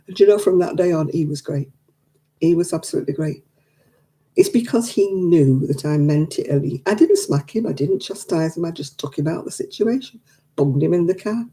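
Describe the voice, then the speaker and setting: An older Englishwoman at a craft night tells stories in casual, chatty conversation, acting out the quoted dialogue. Her voice sits on the low side with a warm tone, lively intonation, and a moderate pace.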